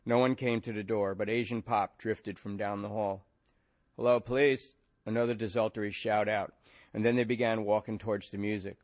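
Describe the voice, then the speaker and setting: A male author reading from his novel in an even, measured way, then answering questions. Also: fairly low pitch.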